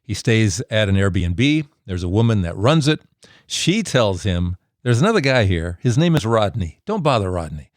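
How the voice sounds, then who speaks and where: A male host narrating a guest's story in a measured way and putting questions to him. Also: fairly low pitch, very animated, no echo. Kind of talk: scripted narration and interviewing. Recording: dry, close sound.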